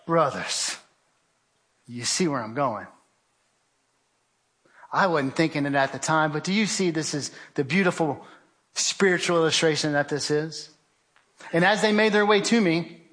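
A man's voice: on the high side, moderate pace, pauses often, a bit bright. A man giving a vivid, urgent testimony talk, telling a survival story with remarks of faith. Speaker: guest speaker.

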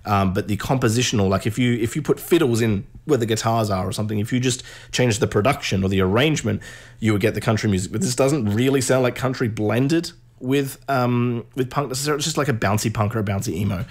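A man's voice: medium pitch, quick pace. A young man hosting a music radio show, talking in a loose, rambling way and swearing now and then. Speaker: radio host. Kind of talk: casual radio chat.

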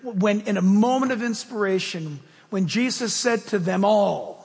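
A man preaching a sermon as pastor, telling stories with swings between loud bursts and hushed asides. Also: high voice, measured pace, few pauses, big-room sound.

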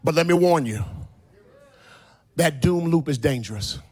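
A man delivering a sermon in a high voice that swoops up and down all the time. He retells scripture in casual modern slang, drops low and quiet for the story, and builds to sung, shouted peaks. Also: lively intonation, a little slow. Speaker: preacher.

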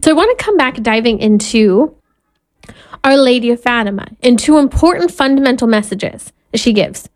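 Earnest higher-voiced woman, dry close sound. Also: expressive, moderate pace, no room sound. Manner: earnest, candid, laughs at herself while telling family stories. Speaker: Catholic mother and speaker. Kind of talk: personal faith talk with storytelling.

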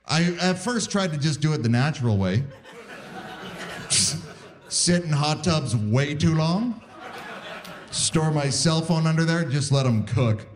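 Animated stand-up man in his forties. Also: a little high, a little slow, long pauses. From Saskatoon, Canada. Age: 40s. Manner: animated, acting out quoted voices. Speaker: stand-up comedian. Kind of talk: live stand-up set.

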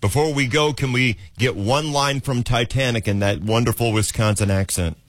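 A man's voice: medium pitch, moderate pace, no echo. A man hosting a radio interview, chatty and playful, with enthusiastic banter. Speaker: radio host.

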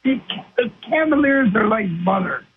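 A man's voice: very high voice, animated, moderate pace, husky, soft background music. A man calling into a sports radio show, brash and emphatic about his teams. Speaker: radio caller. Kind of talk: phone call to a radio show. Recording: tinny phone line with faint noise.

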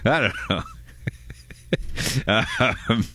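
A man's voice: lowish voice, bright, forceful tone. A man co-hosting a radio show, chatting casually in a playful, jokey way. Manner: playful, jokey, quick to laugh. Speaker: radio co-host. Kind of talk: casual chat.

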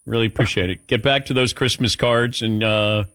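A man's voice: mid-range voice, steady tone, normal speed, fairly bright tone. A man hosting a casual chat, asking needling, joking questions. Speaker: host.

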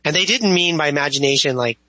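Bright-voiced man explaining history. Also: on the high side, dry recording, poor audio. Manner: thoughtful, measured, with small restarts. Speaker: history professor, guest.

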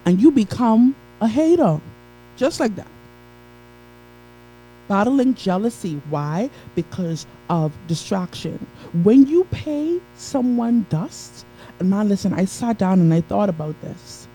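A woman delivers a motivational talk on a live stream, with a rich, very dark and mellow tone. She is emphatic and preachy, circling back to her key phrases. She breaks off now and then to greet viewers by name. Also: mid-range voice, expressive, measured pace, slight background noise, rough recording.

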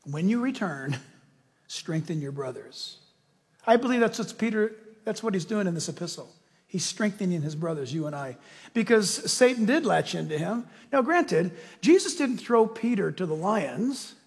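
A male pastor preaching a sermon with animated storytelling, acting out voices along the way. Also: high voice, normal speed, slightly rough. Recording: long reverb of a large hall.

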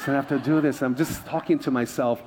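A man's voice: medium pitch, steady tone, quick pace, big-room sound, heavy background noise. A middle-aged man preaching a sermon as pastor, chatty and humorous, throwing asides to his congregation.

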